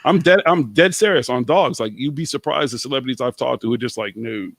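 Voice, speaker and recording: A man's voice: medium pitch, brisk, creaky, no room sound. A man telling stories in casual chat, blunt and full of slang.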